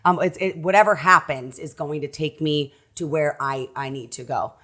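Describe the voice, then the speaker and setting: A woman with a notably low voice chats as a podcast guest. She is expressive, restarts her sentences often and gestures while she talks. She sounds like she is in her thirties. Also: moderate pace. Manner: animated, talks with her hands, many restarts. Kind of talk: casual conversation.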